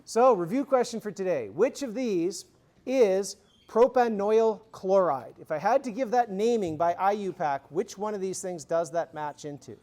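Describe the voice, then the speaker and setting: A man's voice: high voice, moderate pace, warm tone. A man giving a university chemistry lecture in a conversational way, quizzing the class with review questions and adding informal, humorous asides.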